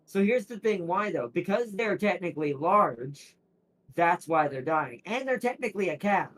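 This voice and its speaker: A man's voice: sits high, lively intonation, moderate pace, a bit bright, rough recording. A man streaming a strategy game, rambling through casual commentary with frequent laughs and restarted sentences. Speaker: gaming streamer.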